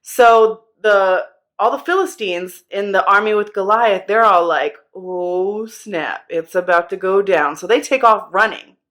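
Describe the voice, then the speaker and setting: A woman's voice: medium pitch, a little slow, a bit bright. A young woman teaching children a Bible lesson in a casual, playful way, acting out the characters' lines.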